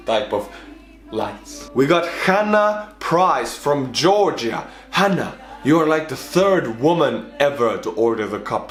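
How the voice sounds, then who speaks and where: A man with an Estonian accent hosting a reaction video, talking bluntly and joking, with sudden excited shouts. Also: medium pitch, echoey room. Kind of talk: casual reaction commentary.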